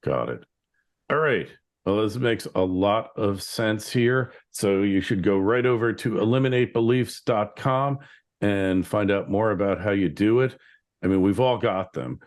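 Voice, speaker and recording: A man's voice: fairly low pitch, unhurried. A man hosting an interview podcast, musing aloud in a rambling way with many fillers. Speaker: podcast host. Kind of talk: casual interview chat.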